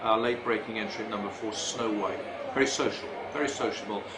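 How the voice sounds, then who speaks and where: A man giving a mock-serious comic ranking in a dry, deadpan way, hesitating with fillers. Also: on the low side, a little fast. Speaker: celebrity guest. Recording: echoey room with loud noise.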